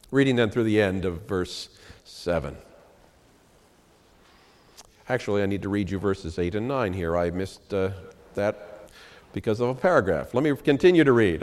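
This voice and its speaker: A man's voice: on the low side, expressive, brisk, darkish tone, big-room sound. A middle-aged man preaching a sermon as pastor, reading scripture in earnest and talking it over with frequent "uh" fillers. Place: church sanctuary.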